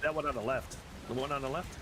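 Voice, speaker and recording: A man in his forties, a streamer telling animated, exasperated stories in casual chat while gaming, with some swearing. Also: medium pitch, quick pace, slight background noise.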